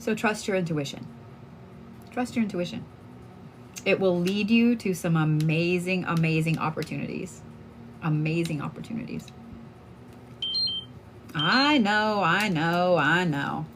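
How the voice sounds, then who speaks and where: Low-voiced woman, candid and profane. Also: measured pace, pauses often, a little hiss or hum. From Oklahoma. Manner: candid, profane storytelling with frequent fillers. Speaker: tarot card reader. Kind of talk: casual livestream chat.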